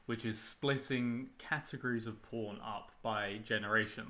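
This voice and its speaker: A man's voice: lowish voice, steady tone, moderate pace, pushed and bright. A young adult man co-hosting a podcast, teasing and dry in casual chat as he reads out figures. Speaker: podcast co-host.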